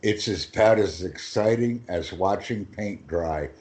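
A man teaching English phrases in a lesson, reading each phrase slowly and with emphasis for his student to repeat. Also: deep voice, darkish tone. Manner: slow and emphatic, phrases stressed one by one.

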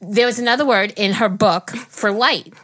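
A woman co-hosting a casual podcast, telling stories in a lively, rambling, profane way. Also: mid-range voice, normal speed. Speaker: podcast co-host. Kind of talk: casual chat.

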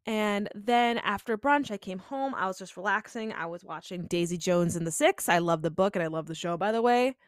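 A woman's voice: mid-range voice, brisk, hardly any pauses, no room sound, clean studio sound. A young woman hosting a podcast, telling a personal story in a chatty, confessional way, full of "like" and "you know.". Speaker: podcast host.

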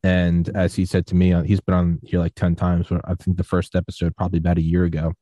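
A man in his twenties hosting a podcast interview, telling rambling stories and quoting others in lively voices. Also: sits low, quick pace, no echo, studio quality. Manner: rambling storyteller, quotes others in animated voices. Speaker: podcast host. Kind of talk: casual interview chat.

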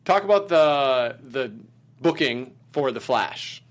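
Male stream host, mid pitch, rambling questions. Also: animated, slow. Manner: asks long, loosely phrased questions. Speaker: interview host. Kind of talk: live-stream interview.

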